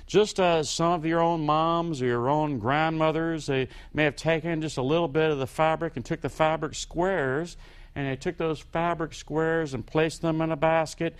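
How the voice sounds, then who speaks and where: A man preaching a sermon as pastor, slow and emphatic, his voice rising on key points and falling low at the ends of phrases.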